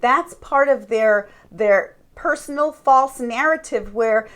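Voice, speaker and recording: A woman who is a Christian life coach, giving a deliberate, earnest teaching monologue with rhetorical questions. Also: on the high side, a bit bright.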